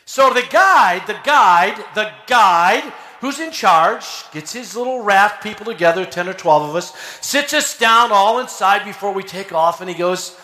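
A man preaching a sermon in a folksy, animated way, swinging from loud emphasis to hushed asides. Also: sits high, unhurried, echoey room.

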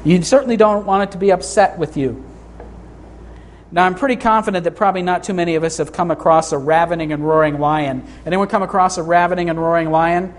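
Earnest preaching man, slightly high voice. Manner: earnest, rises in pitch for emphasis, reads scripture slowly. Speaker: pastor. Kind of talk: sermon. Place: church sanctuary.

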